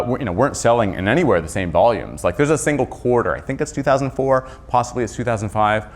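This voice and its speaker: A middle-aged man, an author, speaking in a conversational interview with quick asides and self-corrections. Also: fairly low pitch. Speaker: author and journalist guest.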